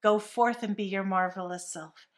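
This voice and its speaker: A woman hosting a wellness talk, speaking in a gentle, soothing way. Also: mid-range voice, steady tone, moderate pace. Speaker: host.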